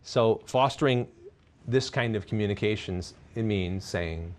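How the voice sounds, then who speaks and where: Expressive man giving a live talk. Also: a little slow. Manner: expressive, swings from loud and high to soft and low; candid and self-deprecating, with light humor. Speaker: presenter of a parenting and faith talk series. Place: radio studio with live audience.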